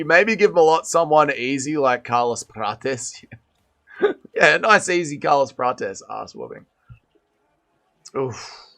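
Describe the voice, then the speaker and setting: A young man hosts a casual livestream, excitably reacting to a fight and reading chat, swearing and swinging between shouting and mumbling. His voice is a little high, slow and creaky, with frequent pauses.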